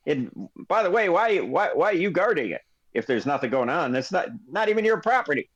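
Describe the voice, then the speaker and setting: Man doing a brash nosy newspaper hack, lively sing-song pushiness, dull lo-fi sound. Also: on the high side, brisk, slightly rough, dry recording, heavily acted. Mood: pushy. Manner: brash, badgering, indignant. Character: pushy nosy male tabloid journalist. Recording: dull lo-fi recording.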